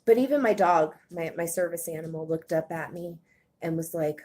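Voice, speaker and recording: A woman born in Germany, speaking hesitantly with many pauses in a personal confessional vlog, a little out of breath. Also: on the low side, warm tone. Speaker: vlogger.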